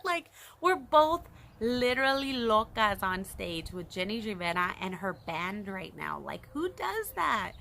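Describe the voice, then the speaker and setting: A young woman chatting to her camera in a casual storytime, her voice bright and forward. She tells it animatedly and breaks into excited squeals. A faint hiss sits under the recording. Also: medium pitch, a little slow, vocal fry, few pauses. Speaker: vlogger.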